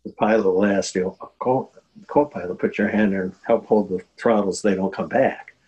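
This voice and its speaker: Deep-voiced older man telling a story. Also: fairly even intonation, a little fast, a little mellow, highs cut off. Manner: earnest, emotional storyteller, many fillers. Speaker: guest telling a war veteran story. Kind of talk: casual storytelling interview.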